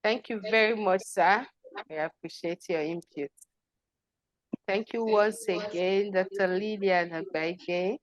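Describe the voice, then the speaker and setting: A woman's voice: mid-range voice, low-quality recording. A woman politely thanks the speaker as a webinar co-host over a video call. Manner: polite and gracious, slow. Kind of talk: webinar sign-off.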